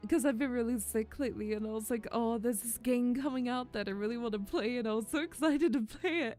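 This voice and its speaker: A young woman VTuber chatting casually with her viewers, giggly and emotional. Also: a little high. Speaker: VTuber streamer. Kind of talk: casual chat with stream viewers.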